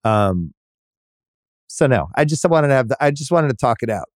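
A man's voice: medium pitch, sing-song, moderate pace, dry recording, clean studio sound. A man hosting a sports podcast, thinking aloud in casual chat with restarts and the odd swear. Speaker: podcast host.

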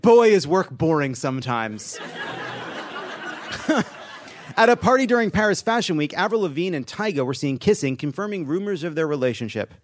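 A man's voice: high voice, lively intonation, brisk. A man hosting a podcast, delivering a sardonic comedic news monologue with swearing and laughing at his own jokes. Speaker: podcast host.

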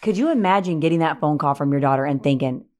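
Animated young woman telling a wild story. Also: deep voice, fast talker. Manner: animated, swearing, acts out quotes. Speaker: podcast guest telling a story. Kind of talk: casual storytelling chat.

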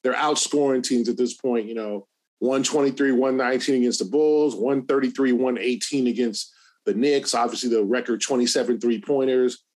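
Man, podcast co-host, measured, analytical, stretches words, mid pitch. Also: darkish tone. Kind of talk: sports podcast chat.

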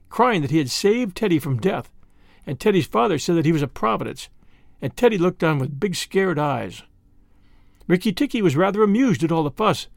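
A man narrating a classic animal story in an expressive, animated storybook reading. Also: fairly high pitch, gravelly, dry recording, clean studio sound.

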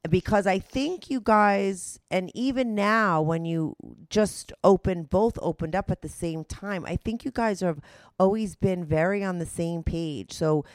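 A woman's voice: fairly low pitch, a little slow, no echo, clean studio sound. A woman hosting a podcast, reading a sponsor ad and asking supportive, probing questions in casual chat. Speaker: podcast host.

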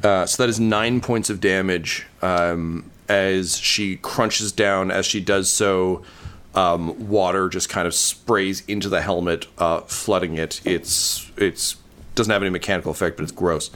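A man narrating a tabletop game as game master, relaxed and full of ums. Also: low voice, measured pace. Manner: relaxed, many ums and uhs.

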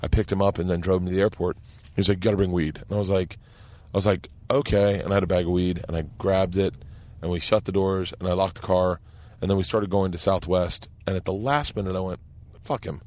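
A man's voice: low voice, flat delivery, fast, a little mellow. A man with an American accent hosting a podcast, telling rambling stories in casual chat and laughing often. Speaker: podcast host. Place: car.

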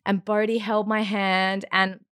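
A woman in her thirties chats as a podcast guest, telling her story with plenty of life, acting out sounds and laughing between lines. Her voice sits at a middling pitch, and the recording is close and dry with no room around it. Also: unhurried, clean tone, dry recording. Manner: animated, acts out quotes and sounds; laughs often mid-story. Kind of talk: casual storytelling chat.

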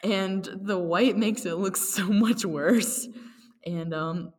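Young woman co-host, slow and giggly, a little low, recorded in a reverberant room. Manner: giggly, chatty, lots of fillers. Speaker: podcast co-host. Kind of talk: casual chat. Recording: echoey room with long reverb.

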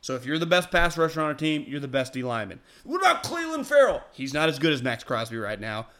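A man hosting a casual sports talk show, talking in an animated way and breaking into loud, excited bursts. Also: mid-range voice, quick pace. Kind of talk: casual sports radio chat.

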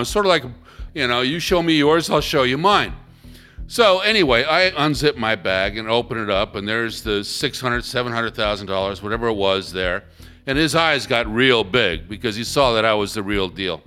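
A man telling his own story in a blunt, animated, casual way, swearing freely. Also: mid-range voice, moderate pace, soft background music. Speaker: interviewee.

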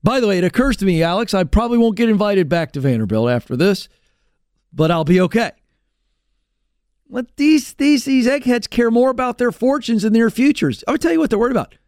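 A man with a high-pitched, lively voice delivers a sarcastic opinion rant as a talk-show host. His pitch swings widely as he mocks and exaggerates. The sound is dry and close, as if from a studio microphone. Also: fairly quick, no echo. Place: radio studio.

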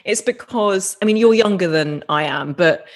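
A woman's voice: fairly low pitch, normal speed. A woman in her forties hosting an interview, agreeing with her guest and asking thoughtful questions. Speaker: podcast host. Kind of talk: interview chat.

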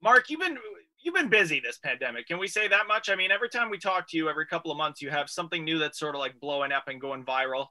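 Male talk-radio host, bright and high, loose rambling banter. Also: expressive, fast talker. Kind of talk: casual radio chat.

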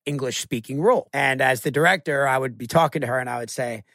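A middle-aged man from Long Island with a Long Island accent, co-hosting a podcast in fast, joking banter. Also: medium pitch, creaky, a bit bright, no echo, clean studio sound. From Long Island, New York. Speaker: podcast co-host. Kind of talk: casual chat.

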